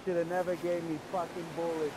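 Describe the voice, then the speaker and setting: A man's voice: a little high, level tone, brisk. A man trash-talking in a swaggering, menacing way over in-game voice chat. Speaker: game player. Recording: loud background noise.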